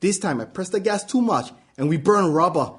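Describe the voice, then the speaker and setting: A man's voice: sits high, animated, moderate pace. A man reading a story aloud with a wry, storytelling delivery. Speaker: reader. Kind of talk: spoken-word story reading.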